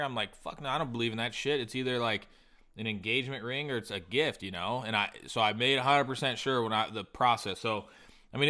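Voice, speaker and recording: A man's voice: mid-range voice, sharp tone, smooth. A man telling a rambling, profane story in a casual podcast chat. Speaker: podcast co-host.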